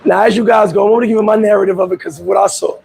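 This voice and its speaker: Guy ranting casually, husky voice, does the voices of people he's quoting. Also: high-pitched, very fast, low-quality recording. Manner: animated storytelling, acts out quoted voices. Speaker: vlog host. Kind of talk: casual commentary. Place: Dominican Republic.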